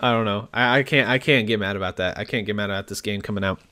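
A young man hosting a solo podcast, excitable and ranting, swearing often and laughing between lines. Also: on the low side, quick pace. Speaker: podcast host.

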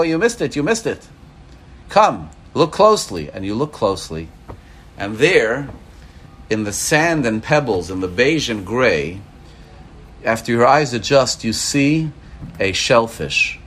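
A man teaching a religious class as an animated storyteller who acts out quoted dialogue. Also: medium pitch, slight background noise. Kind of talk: Torah class lecture.

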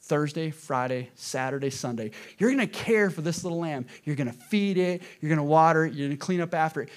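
Guy preaching a sermon, kinda high voice, gets loud then goes real quiet, keeps asking the church stuff. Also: a little fast. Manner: animated, swings from loud to hushed; addresses congregation directly with questions. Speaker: pastor.

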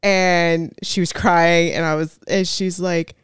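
A woman's voice: fairly low pitch, flat delivery, slow, clear, resonant tone, dry recording, studio quality. A woman chatting as a podcast guest, telling a personal story in a chatty way with many fillers and frequent laughs. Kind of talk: casual storytelling chat.

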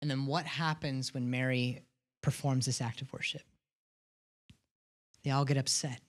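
A low-pitched woman preaches to her congregation with an earnest, searching delivery. She stumbles and repeats words as she restarts her thoughts. She puts questions to the room as she goes. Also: fairly even intonation, measured pace, long pauses. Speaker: pastor. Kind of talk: sermon.

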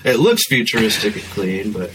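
A fairly low-voiced man chats as a guest on a podcast, easygoing and quick to laugh. His jokes come loose and friendly. There is clear background noise on the recording. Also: big pitch swings. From Philippines heritage. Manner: easygoing, laughs a lot, jokey. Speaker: guest, band member. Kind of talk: casual podcast chat.

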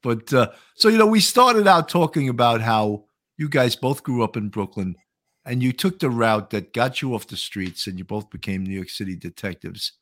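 A man's voice: medium pitch, normal speed. Chatty older man hosting a podcast. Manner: chatty, laughs often, animated storytelling. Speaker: podcast host, former police officer. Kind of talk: casual podcast chat.

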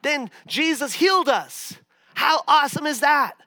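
A man voicing a group of healed former lepers who speak with excited, emphatic exclamations. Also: high-pitched, measured pace, no room sound, exaggerated voice. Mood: excited grateful. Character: healed former leper men, eager and grateful.

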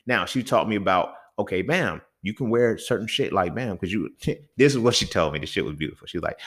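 A man's voice: deep voice, expressive, a little fast, a bit bright. A young man hosting a solo podcast, talking in a heated, profane way and often asking the listener if they feel him. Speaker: podcast host. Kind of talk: casual monologue.

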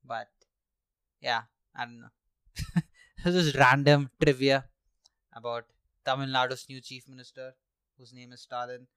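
A man's voice: medium pitch, steady tone, a little slow, pauses often, fairly bright tone, clean tone, no echo, studio quality. A young man from India hosting a solo podcast at home, rambling sarcastically with swearing and laughs while drinking. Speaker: podcast host. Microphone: handheld mic.

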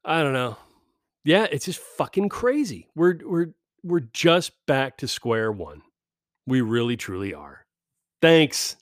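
A middle-aged man on a podcast, ranting sarcastically and swearing constantly, mocking people in high put-on voices. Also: very animated, takes it slowly, no room sound, clean studio sound. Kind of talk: profane comedic rant. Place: California.

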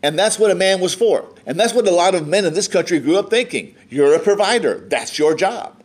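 A man's voice: high voice, animated, fairly quick, slightly rough. An American man preaching a sermon, reading scripture aloud and explaining it in a conversational way. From United States. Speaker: pastor.

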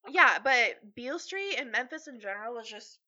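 A woman co-hosting a podcast, telling a family story in casual chat, animated and swearing freely as she acts out quotes. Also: a little high, moderate pace, lo-fi sound. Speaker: podcast co-host.

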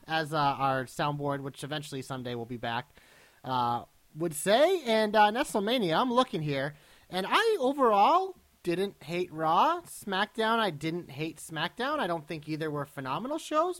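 A man's voice: high-pitched, a bit bright. A man hosting a podcast in casual chat, teasing his co-host and laughing often.

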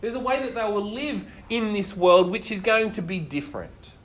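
A man preaching a sermon, telling the stories in a lively way and asking his listeners questions. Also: high voice, normal speed. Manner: animated storytelling, asks the listeners questions.

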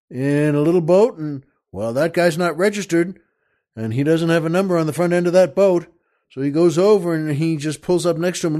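A man's voice: on the high side, darkish tone. A man hosting a talk show, telling a joke in a folksy, rambling way and chuckling often. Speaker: host.

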